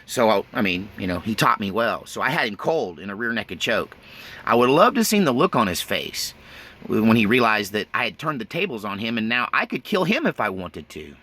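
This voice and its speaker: A man's voice: on the low side, big pitch swings, a little fast, bright, forceful tone. A man telling his life story in a casual, blunt and folksy way, often laughing nervously. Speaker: autobiographical storyteller. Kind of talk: casual spoken memoir.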